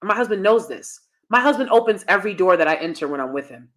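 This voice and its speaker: A woman hosts a live stream with emphatic, outspoken commentary. Her voice sits at a middling pitch, and her delivery stays blunt and full of attitude as she talks straight to her viewers. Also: animated, fast, a bit bright. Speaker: host.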